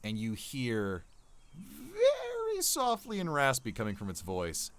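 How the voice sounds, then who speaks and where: A man narrating as game master in a relaxed, rambling way with many fillers. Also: fairly low pitch, moderate pace, clear, resonant tone.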